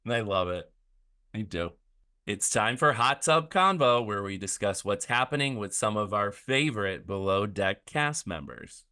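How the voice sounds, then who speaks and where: A man's voice: fairly low pitch, lively intonation, moderate pace, bright, forceful tone, smooth. A man chatting casually as a podcast guest, rambling with many "like" fillers. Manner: rambling, filler-heavy talk with lots of "like".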